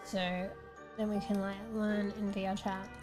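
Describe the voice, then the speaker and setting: A woman's voice: mid-range voice, flat delivery, measured pace, darkish tone, soft background music. A young Australian woman streaming from home, chatting loosely with her viewers, rambling and swearing casually between laughs. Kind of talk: casual livestream chat. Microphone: new desk microphone, close.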